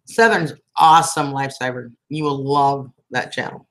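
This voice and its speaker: Speaking at a normal speed in an extremely low voice, this woman runs a laid-back livestream. She addresses her viewers affectionately as sweetheart and hon.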